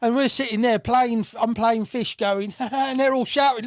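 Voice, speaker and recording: Animated bloke telling fishing stories. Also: male voice, extremely high pitch, normal speed, no room sound, clean studio sound. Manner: animated, swears freely, acts out quotes. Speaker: guest angler. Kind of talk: casual storytelling chat. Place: podcast studio. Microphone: studio mic.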